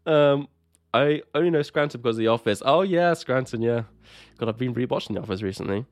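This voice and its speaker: A man's voice: mid-range voice, animated, brisk, no echo. A man co-hosting a casual podcast chat over a voice call, laughing often, swearing and reading out viewer comments. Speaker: podcast co-host. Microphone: own microphone on a voice call.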